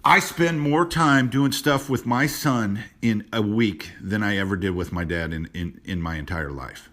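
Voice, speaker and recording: A man hosting a motivational rant to camera, blunt and preachy, repeating himself, dropping low and quiet on personal points. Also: a little slow. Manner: blunt and preachy, repeats phrases, many restarts. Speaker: host.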